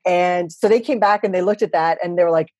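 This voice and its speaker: A woman's voice: lowish voice, brisk, dark tone, no room sound. A woman in her fifties, an economist guest on a podcast, explaining things confidently with a chatty, joking manner. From USA. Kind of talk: casual podcast interview.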